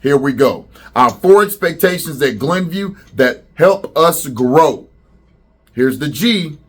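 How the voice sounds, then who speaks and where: Man, school principal, slow deliberate delivery, husky tone, encouraging call-and-response. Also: on the high side, animated. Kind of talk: school welcome video address to students.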